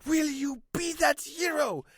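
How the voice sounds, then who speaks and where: A man's voice: very high voice, measured pace, pushed and bright, no room sound, pitched above the performer's own voice, heavily acted. A man voicing a grand old male space wizard in a robe, in a comic homemade story. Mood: rousing.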